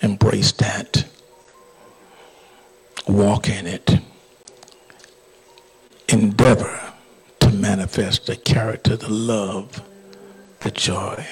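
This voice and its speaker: A man preaching and praying to a church congregation in a fervent manner, at times dropping into hushed whispers and speaking in tongues. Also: on the low side, vocal fry, low-quality recording. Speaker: pastor. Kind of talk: sermon with closing prayer. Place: church sanctuary.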